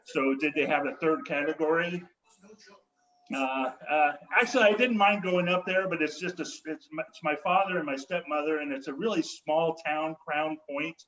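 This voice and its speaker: A man hosts a comedy night and tells his own jokes in a wry, halting way. His voice sits a little high. He comes through a video call, and the sound is dull and lo-fi. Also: fairly even intonation, a bit bright. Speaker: comedy show host.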